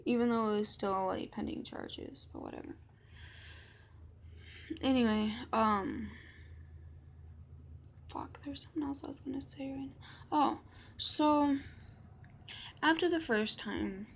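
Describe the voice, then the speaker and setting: A woman's voice: fairly high pitch, a little slow, long pauses, a little hiss or hum. A woman telling a personal story in a casual vlog, blunt and swearing freely as she quotes others. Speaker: vlogger.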